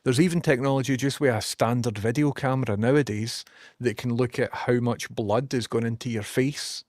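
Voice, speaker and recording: A young Scottish man talks to his live-stream audience in a relaxed, rambling way, swearing here and there as he answers comments. His voice sits at an ordinary middle pitch. The sound is close and dry, with no room around it. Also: moderate pace, dry recording. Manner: easygoing, swears casually, rambling and musing aloud.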